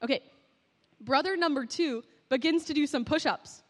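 A woman's voice: high voice, normal speed, big-room sound. A woman narrating and directing a Bible skit, coaching the actors cheerfully and often laughing.

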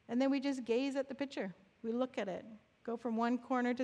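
A woman preaching in a church, her slightly higher voice calm and reflective as she walks listeners through a prayer exercise. Her words carry a long reverb, as if spoken in a large sanctuary. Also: brisk. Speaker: church speaker leading a prayer practice. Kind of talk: sermon.

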